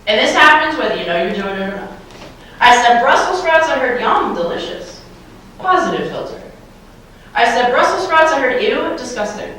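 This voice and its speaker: This motivational keynote comes from a woman with a high, slightly bright, expressive voice who talks fairly quickly and keeps asking the crowd playful questions. She uses a handheld mic before a live audience in a large hall, and the faraway recording is very echoey with a little hiss or hum.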